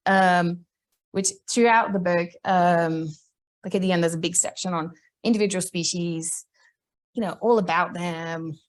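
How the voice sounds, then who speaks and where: A woman giving a conference talk, chatty and animated, laughing often. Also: medium pitch. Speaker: conference presenter.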